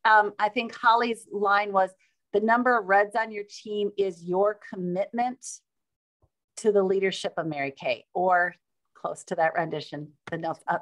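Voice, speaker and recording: Upbeat woman moderating a video call. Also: medium pitch. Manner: upbeat, chatty, quick asides. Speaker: meeting host and moderator.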